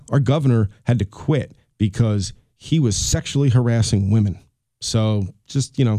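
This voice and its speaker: A man's voice: medium pitch, mellow, no echo, clean studio sound. A middle-aged man hosting his own podcast, talking in a rambling, chatty, self-deprecating way. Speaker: podcast host. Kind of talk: casual solo podcast monologue.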